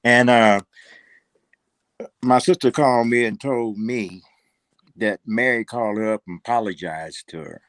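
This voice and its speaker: A man's voice: on the low side, a little slow, long pauses, a bit bright, no echo. An older man, a guest in a casual interview, rambling and repeating words with plenty of fillers.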